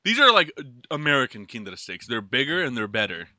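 On a studio microphone, a male podcast co-host chats casually while taste-testing snacks, swearing and laughing through joking banter. His mid-range voice is brisk, pushed and bright, with big swings in pitch.

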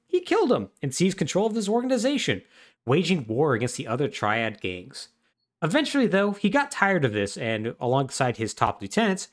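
Podcast guy retelling a game story, super lively up-and-down voice, lots of "like"s. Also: mid-range voice. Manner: animated, wry storytelling with many fillers. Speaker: podcast co-host. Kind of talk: casual chat recapping a video game plot.

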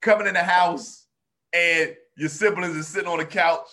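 Casual storyteller, male, high and bright, slangy, acts out quotes. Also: fairly even intonation, moderate pace.

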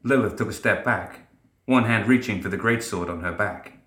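Male narrator, steady dramatic storytelling, low pitch, echoey room. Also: moderate pace. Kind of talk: scripted narration.

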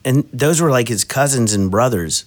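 A man's voice: medium pitch, expressive, normal speed. A man co-hosting a casual podcast, telling rambling, enthusiastic music stories. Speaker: podcast co-host. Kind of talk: casual chat.

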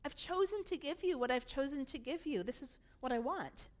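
Woman pastor, high voice, emphatic sermon delivery in a church. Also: lively intonation, fairly quick. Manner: emphatic, voicing the father's lines with rising force. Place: church sanctuary.

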